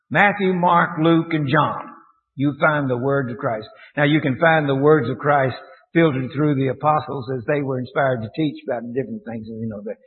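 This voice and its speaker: A man preaching a sermon to a congregation, halting and full of fillers and restarts, often putting questions to his listeners. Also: mid-range voice. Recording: tinny, echoey church recording.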